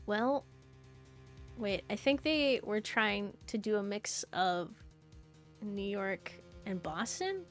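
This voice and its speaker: A woman's voice: medium pitch, expressive, slow, faint music behind. A woman streaming a game, chatting casually in a giggly, playful way. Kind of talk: casual chat while playing.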